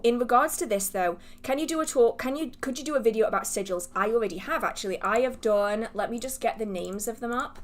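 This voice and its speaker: A woman hosting a livestream Q&A, chatting casually with viewers, laughing often and restarting her sentences as she rambles in a self-deprecating way. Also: mid-range voice. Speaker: livestream host answering viewer questions.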